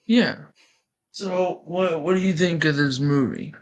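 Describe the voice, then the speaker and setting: A man's voice: fairly high pitch, unhurried. A young man co-hosting a casual chat, teasing his partner dryly and stammering now and then. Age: young adult. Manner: dry, teasing, stammers a bit. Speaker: podcast co-host.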